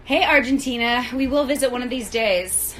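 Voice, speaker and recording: A woman's voice: on the high side, normal speed, fairly bright tone, slight background noise, poor audio. A woman hosting a casual livestream outdoors by the trailers on a film set, out of breath, bubbly and rambling, talking into a phone held at arm's length. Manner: bubbly, rambling, laughs often.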